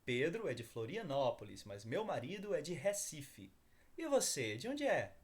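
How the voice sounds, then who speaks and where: A man's voice: on the high side, sing-song, moderate pace. A man reading a textbook dialog, voicing Carla, a Brazilian woman traveler, in a slightly raised voice. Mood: friendly.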